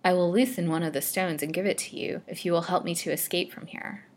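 A timid young captive woman who pleads and bargains, read aloud by a woman. Her voice is soft and imploring. It sits low for a woman in this old-fashioned storybook. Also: fairly even intonation, fairly quick, close to an everyday voice. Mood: pleading. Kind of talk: storybook reading.

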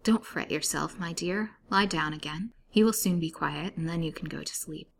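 This is a gentle, humoring female nurse in a storybook reading, with a woman reader putting her on. She sounds soft and placid, like someone calming a patient. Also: low voice, normal speed, vocal fry, a little hiss or hum. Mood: soothing. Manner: soothing, placid. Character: placid, kindly female asylum nurse, soothing.

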